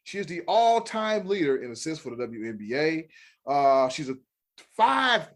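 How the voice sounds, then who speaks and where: American podcast guy, bit high voice, fires off stats and jokes around. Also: moderate pace. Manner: animated, rattles off stats, jokey. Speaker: podcast co-host. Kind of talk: casual sports chat.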